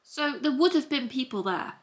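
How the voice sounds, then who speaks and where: A young woman vlogger with a Scouse accent and a high, animated voice tells a story at moderate pace while sitting at home in a hoodie. Her chat is rambling and repetitive, piling up restarts.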